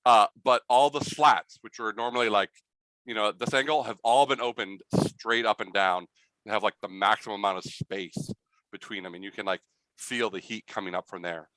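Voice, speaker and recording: A man's voice: lowish voice, moderate pace, sharp tone, no room sound, poor audio. A man narrating a tabletop game as game master, rambling and full of fillers.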